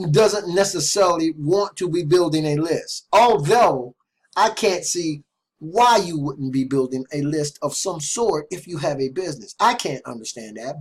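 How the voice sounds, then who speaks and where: A man with a husky voice, an online marketing vlogger, delivers a chatty sales pitch straight to the camera. He's repetitive, keeps asking "right?", and restarts and stumbles over his words.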